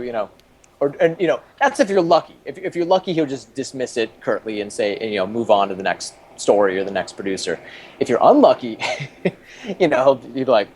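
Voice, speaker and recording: Casting: man in his 30s, mid-pitched, rambling anecdotal guest, laughs a lot. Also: expressive, a little fast, a little mellow. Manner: rambling, many restarts, chuckles often. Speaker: interview guest, former TV producer. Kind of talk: casual storytelling in an interview.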